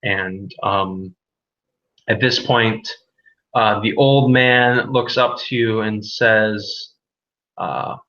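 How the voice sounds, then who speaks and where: A man narrating as game master in a tabletop game, halting with many fillers. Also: on the low side, steady tone, pushed and bright. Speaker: dungeon master. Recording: dull lo-fi home recording.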